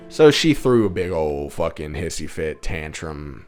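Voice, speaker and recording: A man's voice: deep voice, normal speed, few pauses, faint music behind. A man telling a comedic story about his own life in a crude, profane, sardonic manner.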